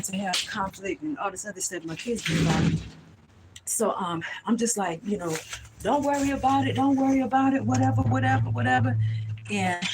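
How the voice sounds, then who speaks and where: A woman's voice: medium pitch, background noise. Profane woman telling a heated story. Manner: profane, animated, addresses viewers directly. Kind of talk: casual storytelling rant.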